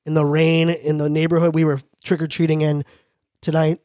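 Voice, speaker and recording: Man, podcast host, high voice, dry sound, fast, joking, high-energy. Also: monotone, warm tone, no room sound. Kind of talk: casual monologue.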